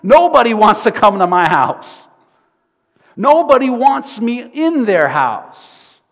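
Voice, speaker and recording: A man squeaking as a giddy little tax collector. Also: sing-song, takes it slowly, heavily acted. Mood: giddy disbelief. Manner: squealing, breathless disbelief. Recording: reverberant church hall.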